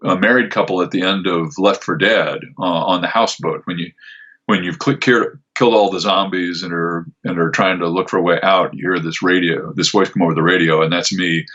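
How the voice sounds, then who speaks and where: An older male voice actor answers interview questions casually, his deep, steady voice brisk and a bit bright. He rambles with lots of fillers and restarts, and the recording's highs are cut off.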